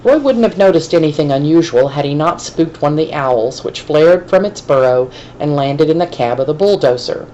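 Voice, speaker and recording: A woman teacher reading a novel aloud to her class in a steady, measured way. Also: deep voice, highs cut off, a little hiss or hum.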